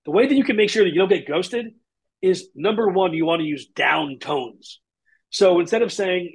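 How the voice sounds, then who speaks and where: Husky-voiced male sales coach. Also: on the high side. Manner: energetic, acts out examples. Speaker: podcast guest, sales coach. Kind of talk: casual podcast interview.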